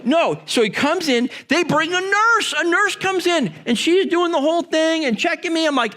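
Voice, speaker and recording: Male pastor, lively storyteller, high-ish voice, swings widely in pitch. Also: normal speed. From Michigan. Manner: animated storyteller, jumps high when acting out his boyhood self. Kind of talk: storytelling to a congregation.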